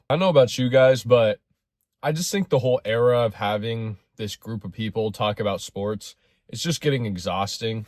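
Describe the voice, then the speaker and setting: A man's voice: mid-range voice, no room sound. Young guy ranting sarcastic about sports, rambly, dry close sound. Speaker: sports commentary creator. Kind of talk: casual ranting monologue.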